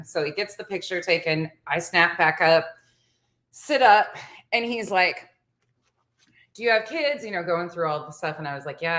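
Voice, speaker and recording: A woman's voice: deep voice, fairly bright tone, echoey room. A woman in her forties telling a story to the camera in a chatty vlog, laughing often as she goes. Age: 40s. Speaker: vlogger. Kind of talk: casual storytelling chat.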